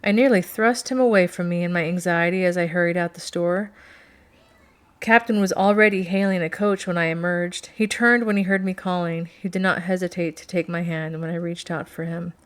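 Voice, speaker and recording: Low-voiced woman narrating a novel. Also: fairly even intonation, moderate pace. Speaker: audiobook narrator. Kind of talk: first-person novel narration.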